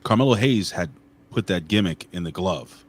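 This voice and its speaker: A man co-hosting a casual podcast, talking loosely and profanely with animated storytelling. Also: sits low, normal speed. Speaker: co-host.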